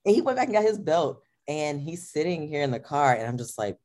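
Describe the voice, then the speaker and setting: This young adult woman, a powerlifter guest on a podcast, has a low, mellow voice and talks fairly quickly and expressively with hardly any pauses. She keeps the chat casual and animated, acting out her remarks and laughing often.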